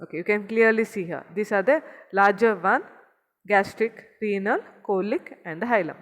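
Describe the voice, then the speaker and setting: A woman's voice: mid-range voice, normal speed, big-room sound. A woman teaching an anatomy lesson, going step by step, pointing at a figure and repeating the key terms. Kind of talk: recorded anatomy lecture.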